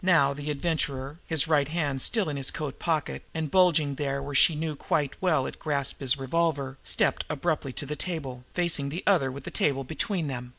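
A man's voice: on the high side, fairly even intonation, moderate pace, vocal fry, hardly any pauses, pushed and bright, no echo. A man narrating a suspense story as an audiobook reader, dramatic storytelling. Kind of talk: scripted narration.

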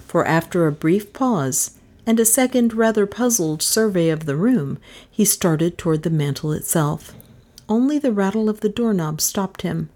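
A woman reading a mystery novel aloud, expressive and rising in pitch at tense moments. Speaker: audiobook narrator. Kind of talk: dramatic audiobook narration.

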